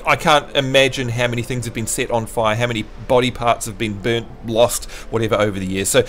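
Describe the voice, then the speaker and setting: A man's voice: mid-range voice, steady tone, a little fast, a bit bright, slight background noise. A man from New Zealand hosting a casual gaming livestream, chatty and jokey, laughing often. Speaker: livestream host.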